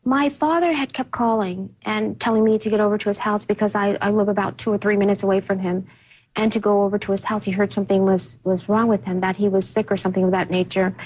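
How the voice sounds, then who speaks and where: A woman being interviewed on TV, recalling personal events in halting speech full of repeated words and restarts. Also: mid-range voice, fairly even intonation, a little mellow, slight background noise, poor audio. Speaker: interview guest. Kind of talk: emotional personal recollection in a TV interview.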